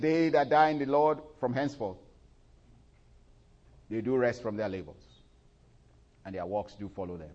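A male preacher delivering a sermon, leading the congregation in recitation and prayer, his voice rising loud and high on scripture and falling low and quiet in between. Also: highs cut off. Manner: swells loud and high when reciting scripture, drops low and soft in asides; leads congregation in call-and-response and prayer.

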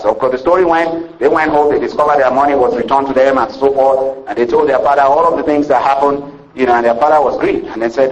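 Conversational preacher retelling scripture. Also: male voice, mid-range voice, steady tone, fast talker, hardly any pauses, low-quality recording. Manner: rambling, conversational, many fillers like "you know"; asks the congregation for "Amen". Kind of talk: sermon, retelling scripture story.

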